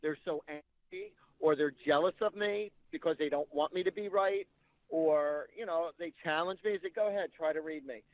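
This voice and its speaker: A man's voice: a little high, moderate pace, dry recording. A man working as a psychic medium, chatting casually and retelling readings with quoted dialogue. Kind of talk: casual storytelling. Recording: tinny phone-like line.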